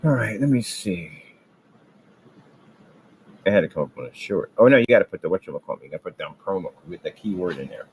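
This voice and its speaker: A man delivering a rambling, boastful trash-talk rant about his business, taunting rivals and jumping from low mutters to loud outbursts. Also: lively intonation, fast talker, long pauses, slight background noise, poor audio. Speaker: business owner ranting on his channel.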